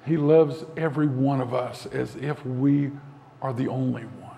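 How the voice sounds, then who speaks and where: A male pastor delivering a sermon in an earnest way, slowing down and dropping to a soft voice for emphasis. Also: mid-range voice, fairly even intonation, vocal fry. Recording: long hall reverb.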